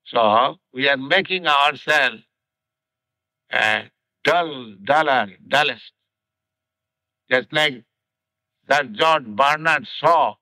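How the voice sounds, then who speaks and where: An older Indian man gives a scripture lecture, speaking very slowly with long pauses and repeated phrases. His voice is bright and forceful, and it is recorded dry and close on an old 1960s tape. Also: on the high side, no room sound, rough recording. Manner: slow, deliberate, repetitive phrasing with many pauses. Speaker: spiritual teacher.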